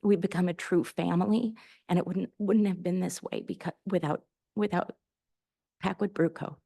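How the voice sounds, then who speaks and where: A woman giving unprepared, heartfelt public comment at a county planning meeting, emotional and halting, repeating words. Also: on the low side, steady tone, vocal fry, mellow, slightly rough.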